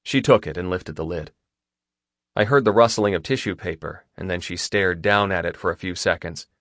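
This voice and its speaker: A man narrating a first-person romance novel in a steady, intimate storytelling manner. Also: deep voice, normal speed, no room sound, clean studio sound. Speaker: audiobook narrator.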